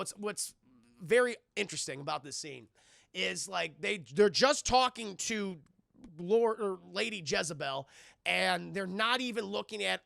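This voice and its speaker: Guy streaming a movie recap to chat, swears a lot, high gravelly voice, dry sound. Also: dry recording. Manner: profane, animated, talks to his chat. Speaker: streamer reviewing a film. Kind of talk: casual live-stream movie commentary.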